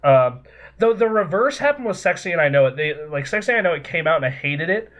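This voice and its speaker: Halting man from the American West Coast. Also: a little high, big pitch swings, fairly bright tone. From West Coast United States. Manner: halting, many restarts and fillers. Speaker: podcast co-host. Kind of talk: casual chat.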